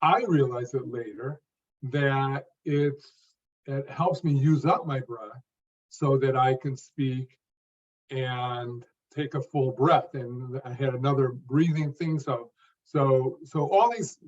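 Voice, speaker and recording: A man's voice: mid-range voice, takes it slowly, darkish tone, distant mic, muffled recording. An older man explaining how he learned to speak, talking in distinct phrases and stressing a word near the end of each. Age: 50s or older. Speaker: stuttering coach and guest. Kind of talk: interview answer, explaining his method.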